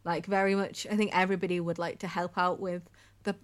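A woman's voice: fairly low pitch, level tone, fast. A woman co-hosting a casual podcast chat, talking chattily and saying "like" often. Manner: chatty, heavy use of "like". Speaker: podcast co-host.

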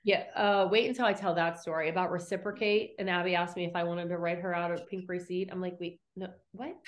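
A woman's voice: lowish voice, flat delivery, fast. A woman co-hosting a podcast, telling a story with animation, acting out what others said and swearing now and then. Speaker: podcast co-host. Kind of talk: casual recap chat.

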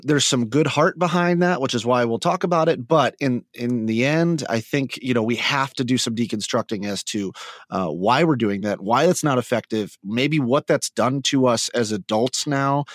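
A man's voice: mid-range voice, moderate pace, no room sound, studio quality. A man co-hosting a casual faith podcast, talking in a reflective, searching way. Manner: reflective, lots of fillers and restarts. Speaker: podcast co-host.

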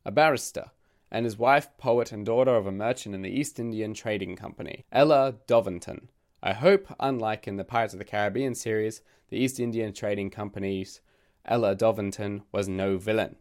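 A man reads a scripted essay on his literature podcast, tossing in wry jokes as he goes. His lowish voice, roughened by a recent illness, moves at normal speed.

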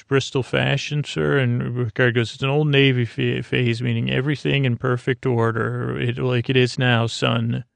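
A man hosting a podcast, retelling a TV episode in a drowsy, halting way with lots of fillers and restarts. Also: medium pitch, gravelly, no echo. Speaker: podcast host. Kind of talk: sleepy comedic episode recap.

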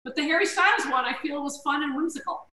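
A middle-aged woman comedian spins stories in a casual chat. Her voice is high and sharp, and she throws herself into other people's voices. She sits back from the mic in a roomy kitchen with faint noise behind her. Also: quick pace, recorded from a distance. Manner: animated storyteller who acts out quoted voices. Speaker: guest comedian. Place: home kitchen.

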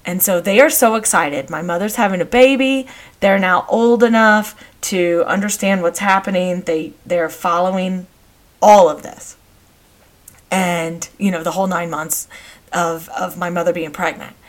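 A middle-aged woman hosting a podcast, telling family stories in a chatty, meandering way with frequent pauses and restarts. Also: fairly low pitch. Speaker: podcast host. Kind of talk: casual storytelling monologue.

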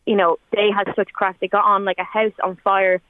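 A woman's voice: medium pitch, little pitch movement, normal speed, no room sound. A woman in her twenties with an Irish accent, talking in a rambling, chatty way with many fillers as a guest on a radio phone-in. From Ireland. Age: 20s. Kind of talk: emotional radio phone-in chat. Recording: tinny phone line, dry.

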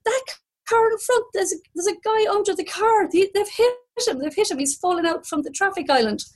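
A man's voice: very high voice, fairly quick, pitched above the performer's own voice. A woman voicing a panicked man who stammers and repeats himself at a crash scene.

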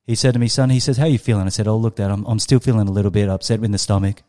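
Australian man in his 30s, guest storyteller; low, mellow voice, emphatic delivery. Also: fairly even intonation, racing. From Western Australia. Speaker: guest, startup coach. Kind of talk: storytelling in a podcast interview.

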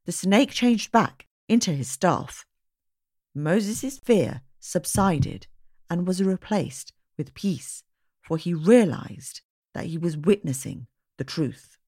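A woman reads stories from a religious book, taking her time with a lowish, breathy voice. Her pitch rises and falls a great deal as she tells the tale, and the recording is dry and close with no room sound. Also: no echo. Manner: slow, expressive, storytelling reading. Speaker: audiobook reader. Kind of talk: religious storybook reading.

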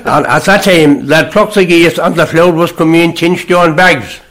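An older man reminiscing in a rambling, conversational way about country life, often trailing off softly at the ends of phrases. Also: fairly high pitch, moderate pace. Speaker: interviewee recalling rural life.

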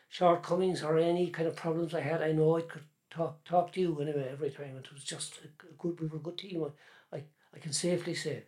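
A man's voice: a little high, darkish tone. An older man from Cork with a Cork Irish accent, a folk singer and columnist chatting in an interview, rambling and restarting his words often. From Cork, Ireland. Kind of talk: casual interview chat.

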